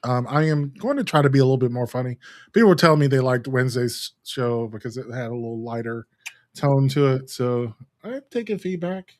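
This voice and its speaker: A man's voice: mid-range voice, animated, a little fast, no echo, studio quality. Easygoing man co-hosting a chat show. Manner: easygoing, laughs often, many ums and uhs. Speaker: co-host of a live talk show. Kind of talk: casual chat.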